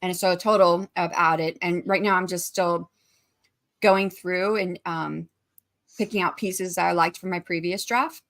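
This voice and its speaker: A woman's voice: fairly low pitch, fairly even intonation, a little slow, a bit bright. A woman in her forties hosting a casual writing livestream, chatting, greeting viewers by name and reading out their messages. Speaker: livestream host.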